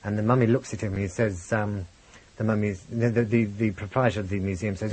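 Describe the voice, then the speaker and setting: A low-pitched man with a posh English accent and a husky edge to his voice. He recalls his past in a candid, reflective way and springs into livelier tones when retelling stories. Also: brisk, poor audio. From England, grew up in Birmingham. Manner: reflective, animated storyteller, lifts voice for quotes. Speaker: guest, comedian and impressionist. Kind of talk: candid interview chat.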